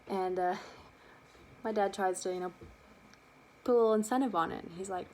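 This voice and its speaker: Young woman, personal storytelling, animated delivery, middle pitch. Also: brisk, slight background noise. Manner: lively and animated, acts out quotes. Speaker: student storyteller.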